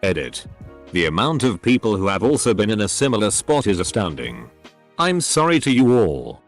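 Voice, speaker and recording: Low-voiced man reading online stories. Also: sing-song, moderate pace, faint music behind. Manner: reads out abbreviations letter by letter. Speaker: narrator reading online posts. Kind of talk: scripted reading of anonymous stories.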